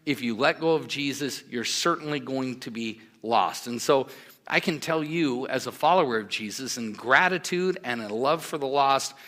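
A man's voice: medium pitch, bright, forceful tone. A man preaching a sermon, earnest and emphatic, with conversational asides to the congregation. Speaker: pastor.

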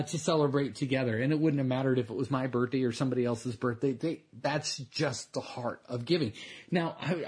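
Husky-voiced man preaching a conversational sermon. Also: medium pitch. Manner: earnest, conversational preaching with frequent restarts. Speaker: pastor.

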